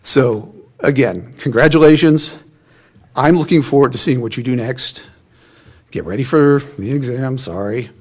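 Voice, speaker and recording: A man's voice: mid-range voice, measured pace, darkish tone. A man giving an emotional, folksy and encouraging commencement speech in a large hall. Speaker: commencement speaker.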